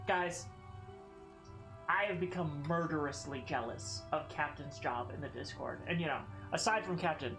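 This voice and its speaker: A woman with a Southern American accent streaming a game, chatting casually with viewers, rambling, swearing and laughing often. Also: fairly low pitch. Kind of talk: casual gameplay stream chat. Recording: echoey room with faint music.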